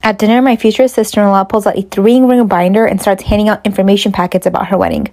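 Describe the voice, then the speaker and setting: Brisk mellow-voiced woman reading a story. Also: mid-range voice, steady tone. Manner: brisk, matter-of-fact.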